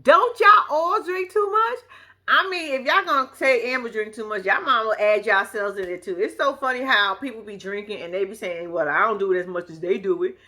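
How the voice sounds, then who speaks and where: A woman giving blunt, profane, casual commentary on a reality show, retelling scenes with lively put-on voices. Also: medium pitch, fast talker, few pauses.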